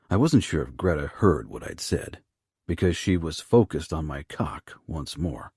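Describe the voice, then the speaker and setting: A man narrating a first-person romance audiobook in a low, rough, hushed delivery. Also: animated, measured pace, dry recording, studio quality.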